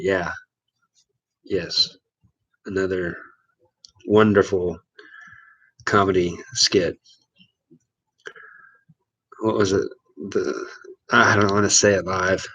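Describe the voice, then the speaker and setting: Laid-back man from Missouri, low voice. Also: steady tone, unhurried, long pauses, a bit bright, rough recording. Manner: laid-back, rambling, chuckles often. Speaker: livestream host. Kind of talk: casual live chat with viewers.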